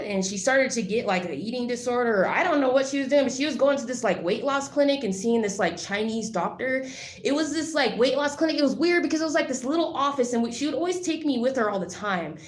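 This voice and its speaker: A woman vlogger telling a personal story in casual, rambling talk, full of "like" and blunt swearing. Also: fairly high pitch. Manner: rambling, filler-heavy with frequent "like". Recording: roomy echo.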